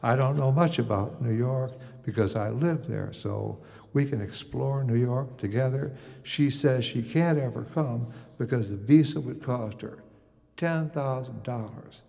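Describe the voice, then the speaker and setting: A man's voice: medium pitch, measured pace, vocal fry, mellow, in a large hall. An older man from the United States telling a wry, musing first-person story.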